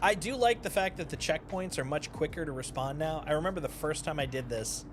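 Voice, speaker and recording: A man's voice: on the high side, brisk, noisy background. A young man streaming a game, chatting casually with playful, jokey asides. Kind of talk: casual gameplay commentary. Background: game music.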